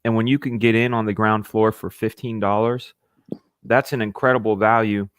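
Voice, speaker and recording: A man hosting a casual livestream, talking with eager enthusiasm and halting restarts, sometimes with his mouth full. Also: on the low side, little pitch movement, smooth, no room sound, clean studio sound. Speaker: livestream host.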